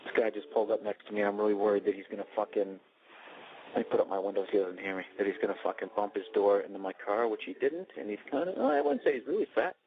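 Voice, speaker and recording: A man's voice: on the low side, expressive, fast, slight background noise. A man hosting his own podcast from inside a parked car, rambling in a profane, sarcastic way. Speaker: podcast host. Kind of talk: casual solo podcast rant. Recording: dull lo-fi recording.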